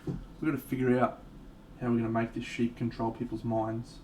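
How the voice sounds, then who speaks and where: A young man paints on a live stream, chatting casually with viewers in a mid-range voice at a moderate pace. He's relaxed, swears now and then, and breaks into sung lines and silly voices. His voice is slightly off-mic, with a faint hum in the background.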